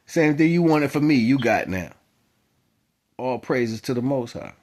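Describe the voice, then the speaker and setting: A man giving a spiritual monologue to his viewers, moving from quiet musing to loud, emphatic exhortation. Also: medium pitch, expressive, unhurried. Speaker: spiritual vlogger. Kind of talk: preaching monologue to camera.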